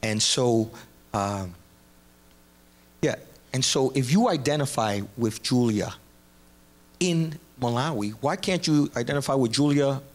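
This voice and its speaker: A man's voice: medium pitch, lively intonation, measured pace, long pauses. A man, a guest on a talk show, speaking enthusiastically and retelling a parable. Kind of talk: casual talk show discussion.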